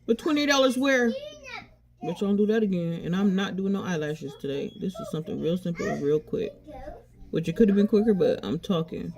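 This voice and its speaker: A woman's voice: fairly low pitch, brisk, vocal fry, warm tone. Rambling, candid woman chatting. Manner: rambling and candid, with frequent swearing; restarts and repeats herself often. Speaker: beauty vlogger. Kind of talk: casual chat while doing makeup.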